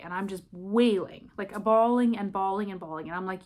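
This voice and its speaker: A woman's voice: medium pitch, fairly quick. A woman vlogging at home in her apartment, retelling a personal story in a candid, rambling way full of "I'm like" asides.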